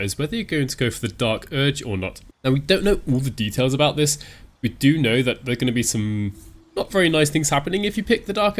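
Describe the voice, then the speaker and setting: Fast-talking man, stuffy from a cold. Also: medium pitch. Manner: chatty, reassuring, explains step by step. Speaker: gaming channel host. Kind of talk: casual game advice talk.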